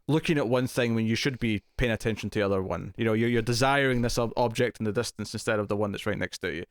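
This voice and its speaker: A man co-hosting a casual TV review podcast, jokey and quick to laugh. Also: on the low side, clear, resonant tone, no room sound, studio quality. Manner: laughs often, jokey, self-mocking. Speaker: podcast co-host.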